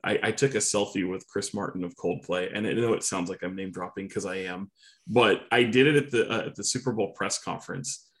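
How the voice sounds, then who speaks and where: A man's voice: deep voice, steady tone, fairly quick, fairly bright tone. A man co-hosting a sports podcast, telling long chatty stories and laughing easily. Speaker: podcast co-host, TV reporter. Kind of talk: casual sports podcast chat.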